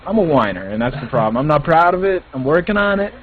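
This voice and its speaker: Fast-talking middle-aged man on a tinny line. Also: a little high, big pitch swings. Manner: quick, self-mocking, acts out his own whining. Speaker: gaming podcast co-host. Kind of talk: casual chat. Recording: tinny phone-like line with faint noise.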